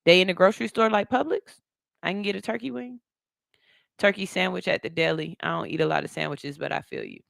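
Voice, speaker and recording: Reading listener comments on her radio show, the middle-aged host chats loosely with plenty of laughter and slang. Her lowish voice is animated, fairly quick, creaky and a bit bright, captured dry and clean in the studio.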